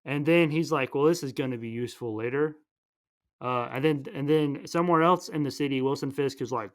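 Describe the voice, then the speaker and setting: A man casually retelling a movie plot as a podcast host, rambling and playful, tossing in quick voices for each character. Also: medium pitch.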